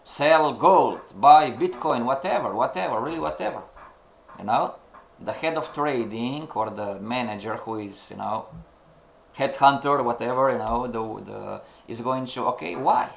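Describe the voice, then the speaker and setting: A man's voice: medium pitch, measured pace, vocal fry, slight background noise. A man teaching a trading lesson live to students. He speaks non-native English, sometimes searches for words, and keeps checking understanding with "you know" and rhetorical questions. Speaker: trading instructor.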